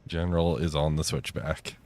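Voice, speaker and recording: A man's voice: extremely low pitch, steady tone, normal speed, a little mellow. A man chatting casually during a game, teasing his co-player in a dry way. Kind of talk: casual gameplay chat.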